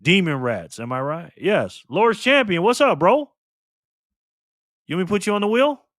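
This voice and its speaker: Excitable man hosting a livestream. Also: high-pitched, normal speed, no room sound, studio quality. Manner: excitable, reads and answers chat aloud. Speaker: livestream host. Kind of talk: casual livestream chat.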